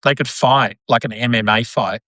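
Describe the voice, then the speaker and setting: A man's voice: medium pitch, fairly even intonation, normal speed, bright, forceful tone, no echo. Rambling man hosting a podcast. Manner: rambling, lots of fillers and repeated yeahs. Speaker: podcast host. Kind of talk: casual chat on a live video.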